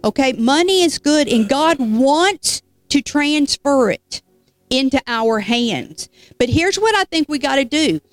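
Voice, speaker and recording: A woman preacher telling a story in an animated, folksy sermon, with casual asides to the congregation. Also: high voice, unhurried, no room sound.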